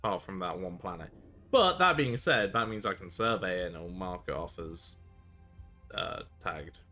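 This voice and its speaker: A man's voice: sits low, animated, moderate pace, pushed and bright, faint music behind. A man streaming a space game, thinking aloud in a wry, understated way as he plays. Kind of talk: casual gameplay commentary.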